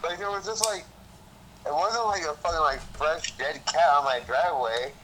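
A man's voice: fairly high pitch, moderate pace, crowd noise, rough recording. A man as a podcast guest, laid-back and swearing, often calling people dude. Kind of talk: casual podcast chat.

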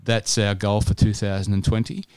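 A man's voice: fairly low pitch, flat delivery, normal speed, a little mellow, clear, resonant tone, no room sound. An Australian man co-hosting a podcast, telling stories in casual chat with frequent restarts. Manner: chatty storytelling with restarts. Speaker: podcast co-host.

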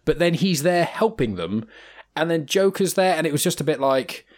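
Un uomo con britannico che conduce un podcast di cinema, chiacchierando in modo disordinato e autoironico, ridendo spesso. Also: male voice, fairly high pitch, expressive, moderate pace, darkish tone. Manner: rambling, self-deprecating, laughs often. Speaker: podcast host. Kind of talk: casual film podcast chat.

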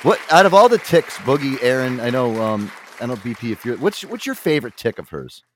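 A man's voice: mid-range voice, fairly quick, a faint crowd, a little hiss or hum. A man hosting a podcast, swearing and laughing through casual banter with his co-hosts. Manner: laughing, profane, lively. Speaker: host.

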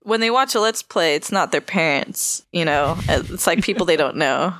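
Giggly bright-voiced woman, lively pitch. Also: normal speed, no room sound. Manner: giggly, playful, breaks into high shrieking laughs. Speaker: podcast co-host. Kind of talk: casual chat.

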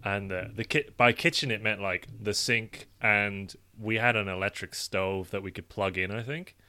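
A man telling stories in casual chat, laid-back and swearing freely, getting animated when he quotes himself. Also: on the low side, moderate pace, clear, resonant tone.

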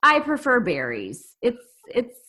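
A woman's voice: fairly high pitch, huge pitch swings, measured pace, bright, forceful tone. An American woman co-hosting a podcast, chatting casually and playfully and laughing often. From United States. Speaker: podcast co-host. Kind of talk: casual chat.

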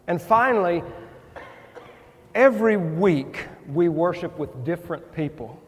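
A preacher with a slightly high voice delivers an earnest, folksy sermon. His words ring out with a long reverb through a church sanctuary. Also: animated, a little slow.

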